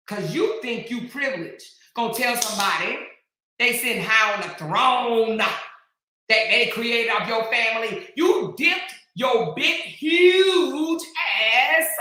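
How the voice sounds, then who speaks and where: Taunting woman ranting in an echoey room. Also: a little high. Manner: taunting, scolding, drawn-out emphatic delivery, bursts of shouting. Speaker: commentary channel host. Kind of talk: heated commentary rant.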